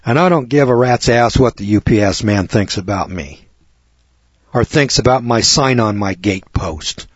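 Man preaching, blunt and crude, husky voice, dry close sound. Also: lowish voice, normal speed, no echo, muffled recording. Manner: blunt, folksy, crude, punchy. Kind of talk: sermon.

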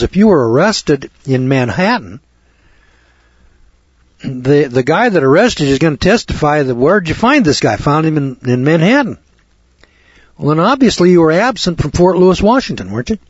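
A man's voice: on the high side, lively intonation, moderate pace, breathy edge, dry recording. A man lecturing to students in a folksy way, piling up rhetorical questions and repeating them for effect. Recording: dull lo-fi recording.

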